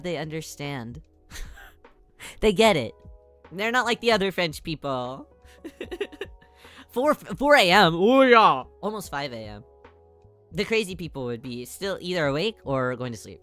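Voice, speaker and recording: A woman's voice: on the low side, sing-song, moderate pace, fairly bright tone, soft background music. A woman streamer chatting casually and rambling, laughing often between thoughts. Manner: rambling, giggly, mock voices. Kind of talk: casual live-stream chat.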